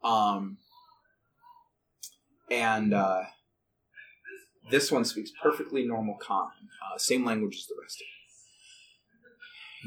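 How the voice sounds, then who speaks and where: A man's voice: on the low side, slow pace, pauses often, a bit bright. A man narrating as game master of a tabletop game, rambling with many fillers and restarts. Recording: distant mic, faint background noise.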